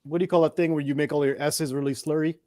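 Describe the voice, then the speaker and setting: Guy cohosting a chat show, high lively voice, swears a lot, dry close mic. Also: very fast, no echo. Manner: animated, profane, jokey. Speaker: podcast co-host. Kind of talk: casual review chat.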